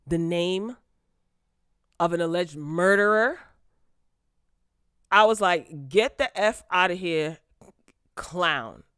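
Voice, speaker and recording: A woman's voice: lowish voice, fairly bright tone, clear, resonant tone, dry recording, studio quality. A woman hosting her own commentary channel, talking casually and bluntly, her indignation rising into exasperation as she goes. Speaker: channel host.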